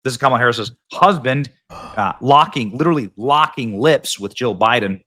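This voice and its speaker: A man's voice: medium pitch, moderate pace, bright, forceful tone. A man hosting casual political commentary, sarcastic and mocking, sometimes mimicking voices.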